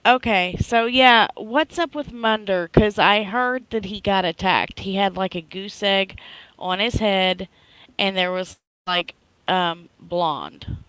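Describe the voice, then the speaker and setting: Woman, middle-aged, casual live-stream storytelling, smooth clear voice, dry close sound. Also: medium pitch, slow pace, dry recording, poor audio. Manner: chatty, animated retelling with frequent "right?".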